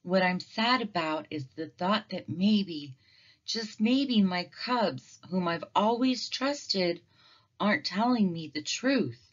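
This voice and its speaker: A woman voicing a calm, caring mother bear in a storybook read-aloud, soft and patient. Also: lowish voice, takes it slowly, dull audio. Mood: sad.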